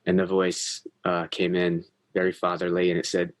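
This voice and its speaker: A man with a low-pitched voice speaks as a podcast guest. He tells a personal story candidly and earnestly. He swears freely and doesn't hold back. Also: monotone, normal speed, few pauses.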